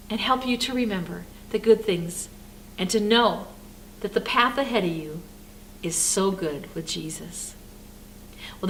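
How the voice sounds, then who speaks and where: Bright high-voiced older woman pastor. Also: a little hiss or hum. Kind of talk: devotional storytelling sermon.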